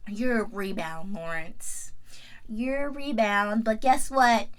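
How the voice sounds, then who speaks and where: A woman's voice: medium pitch, takes it slowly, clean tone. A woman in her twenties giving a casual, slangy TV recap and talking straight back to the characters. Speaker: YouTube TV recap host. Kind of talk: casual review chat.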